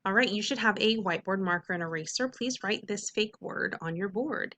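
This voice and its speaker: Woman teacher, bright and clear, patient instructive delivery for a recorded phonics lesson. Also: mid-range voice. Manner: clear, patient, instructive, stretches sounds out slowly.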